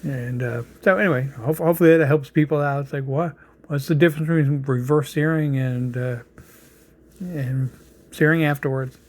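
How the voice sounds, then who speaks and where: A man's voice: on the high side, steady tone, normal speed, darkish tone. A man with a New York accent hosting a casual cooking vlog, rambling with plenty of fillers and restarts. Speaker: cooking channel host.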